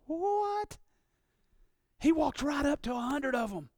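Guy preaching in church, real high voice, dry close sound, goes quiet then yells. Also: sing-song, slow pace, no room sound. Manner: builds from low confiding talk to loud shouted preaching. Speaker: pastor. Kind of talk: sermon. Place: church sanctuary.

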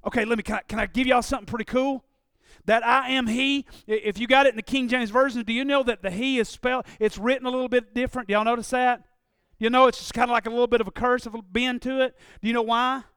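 A man preaching a sermon in a church, moving from quiet, confiding talk up to loud, shouted preaching. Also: very high-pitched, steady tone, quick pace, smooth, dry recording, studio quality. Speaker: pastor. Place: church sanctuary.

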